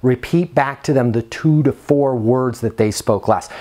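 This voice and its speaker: A man's voice: mid-range voice, unhurried, mellow. A man giving an instructional talk to camera as a property management trainer, earnest and coaching, repeating his key phrases.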